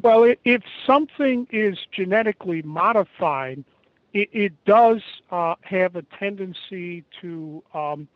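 An American man giving a halting, emphatic interview over an internet call, pausing often. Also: high-pitched, lively intonation, no room sound. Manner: halting, emphatic, many pauses. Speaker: interview guest. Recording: dull lo-fi internet call audio.

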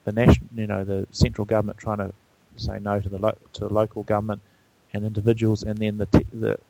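A man with a gravelly, creaky voice talks as a guest in a relaxed conversation. He speaks haltingly and restarts his sentences often. The recording is dry, with no room echo. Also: fairly low pitch. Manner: halting, many restarts and fillers. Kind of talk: casual conversation.

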